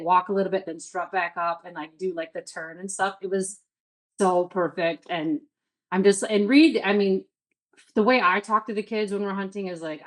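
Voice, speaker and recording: As a guest in a casual interview, a woman in her thirties from the Midwest narrates a story in a low-leaning voice, packed with "like" and quoted self-talk. The audio quality is rough.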